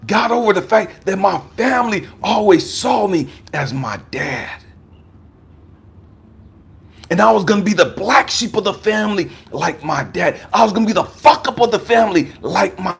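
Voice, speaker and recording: Raspy, fired-up man giving testimony. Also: sits high, expressive, normal speed, a bit bright. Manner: emphatic, profane, raw and confrontational. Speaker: life coach and motivational speaker. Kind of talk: impassioned personal testimony.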